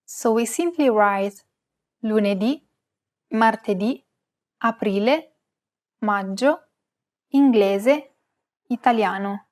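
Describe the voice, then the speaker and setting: A woman co-hosting a language lesson, reading a script and saying example words slowly and carefully. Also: fairly high pitch, a little mellow. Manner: slow, careful, precise pronunciation of example words.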